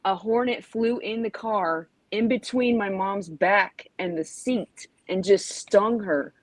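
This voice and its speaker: A podcast host in her forties rambles through a story in casual chat, peppering it with "you know" and "like" and acting out yelps. Her medium-pitched voice is slow, and the recording is rough.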